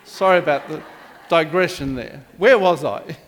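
An older male pastor delivers a sermon, his voice pitched notably high for a man. He rambles, drifts into side stories and trips over restarts. The sound rings with long reverb in the church hall. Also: moderate pace, a bit bright. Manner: rambling, digressive, with frequent restarts.

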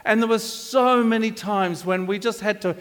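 A man's voice: sits high, moderate pace, fairly bright tone. An older man preaching a sermon as pastor in a church, rambling into digressions with frequent restarts. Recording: echoey hall reverb.

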